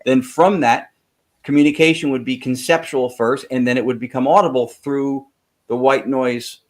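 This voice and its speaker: A man's voice: medium pitch, steady tone, moderate pace. A man speaking as a podcast guest, explaining technical ideas at length in casual chat, with frequent fillers and restarts.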